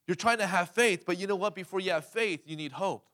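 Male pastor mid-sermon, emphatic, fairly high voice. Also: fairly quick, a bit bright. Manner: emphatic, asks the crowd questions, calls "Amen?".

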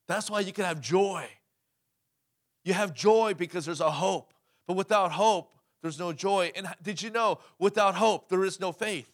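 A man's voice: high voice, moderate pace. A male pastor preaching a sermon, emphatic, asking the congregation questions and calling for amens. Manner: emphatic, asks the crowd questions, calls "Amen?".

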